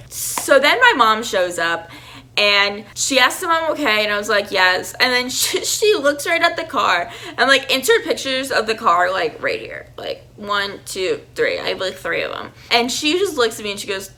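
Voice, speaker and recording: Bright-voiced chatty young woman vlogger. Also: fairly high pitch, normal speed. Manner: animated, chatty, lots of "like" fillers. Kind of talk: storytime vlog.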